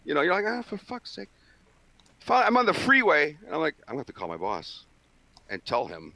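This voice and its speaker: Animated, foul-mouthed male storyteller. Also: on the high side. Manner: animated, swears constantly, acts out quoted voices. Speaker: co-host telling a story. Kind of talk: casual profane storytelling.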